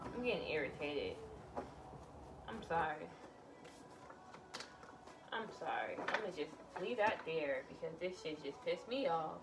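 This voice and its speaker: A woman's voice: low-pitched, sing-song, measured pace, pauses often, distant mic, music in the background. A woman doing a casual tarot reading, blunt and exclamatory, swearing freely as she lays out cards. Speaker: tarot reader.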